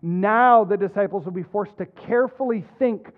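Middle-aged man, pastor giving a sermon; earnest, halting delivery, higher pitch, narrow tinny audio. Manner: earnest, halting with repeated restarts. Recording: tinny phone-like sound.

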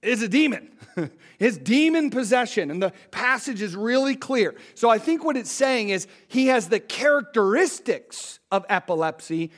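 A pastor with a high voice works through a scripture passage in a relaxed teaching sermon. He reads the verses, then explains them in plain, conversational talk and puts questions to his listeners. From United States.

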